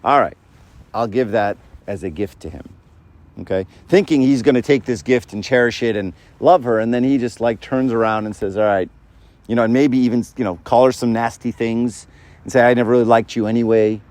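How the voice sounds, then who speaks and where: A man's voice: medium pitch, a little fast, darkish tone. A middle-aged man giving a casual faith talk to young people, talking conversationally, often tagging on "right?" and acting out quoted voices. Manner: conversational, keeps asking "right?".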